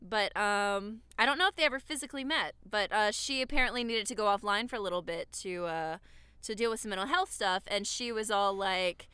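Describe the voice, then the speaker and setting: A young woman with a Southern US accent, co-hosting a casual podcast chat, frank and animated, swearing freely. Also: fairly high pitch, quick pace, smooth, dry recording. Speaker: podcast co-host.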